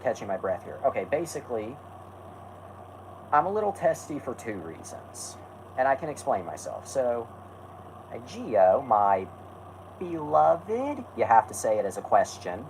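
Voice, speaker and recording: A man's voice: fairly low pitch, lively intonation, normal speed, noisy background. A man hosting a casual stream, rambling and correcting himself while answering chat. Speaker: host.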